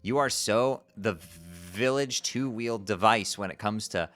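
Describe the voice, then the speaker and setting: A man's voice: lowish voice, a little slow, fairly bright tone, faint music behind. A man streaming himself as he reads a webcomic aloud, tripping over strange words, swearing casually and breaking off to laugh and comment.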